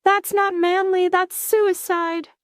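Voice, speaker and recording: A woman's voice: very high-pitched, flat delivery, takes it slowly, no echo, studio quality, voice pushed up. A woman voicing a cocky young male villain who mocks his foes with sarcastic, teasing lines. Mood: smug.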